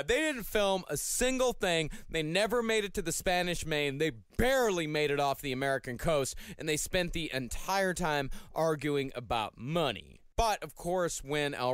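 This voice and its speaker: A man hosting a comedic podcast, telling a history story and reading sponsor copy in a relaxed, storytelling way. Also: on the high side, moderate pace, hardly any pauses, clean tone, dry recording, studio quality. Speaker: podcast host.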